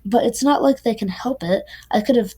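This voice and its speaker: A woman reading a novel aloud, voicing a hurt, angry young man with sharp, accusing lines. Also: extremely high pitch, brisk, breathy edge. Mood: frustrated.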